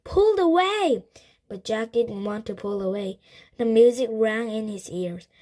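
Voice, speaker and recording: A woman reading a children's chapter book aloud, slowly and carefully, with slips she corrects. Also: mid-range voice, steady tone, mellow.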